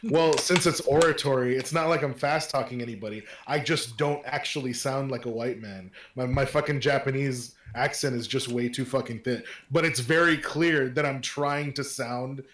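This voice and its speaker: A man's voice: medium pitch, fairly even intonation, normal speed, hardly any pauses, a bit bright. Rambling, profane man in an echoey room. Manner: profane, rambling with many fillers. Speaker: tabletop game player. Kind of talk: casual game chat.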